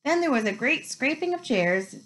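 A woman reads a children's novel aloud at a home pace. Her fairly high voice swings lively through each sentence, giving the narration an animated, storytelling feel. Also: normal speed, rough recording. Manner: expressive storytelling. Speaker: reader.

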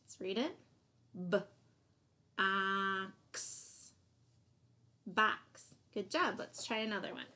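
A woman's voice: mid-range voice, lively intonation, pushed and bright, a little hiss or hum. A woman teacher giving a phonics lesson to young children, sounding out letters and praising answers. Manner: slow, encouraging, sounding out letters.

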